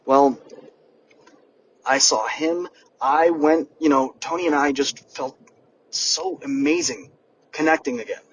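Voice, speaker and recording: A young man hosting a podcast and giving a lively motivational monologue, speaking straight to his listeners. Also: fairly high pitch, slow pace, pauses often. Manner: energetic, addresses listeners directly. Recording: distant mic with background noise, poor audio.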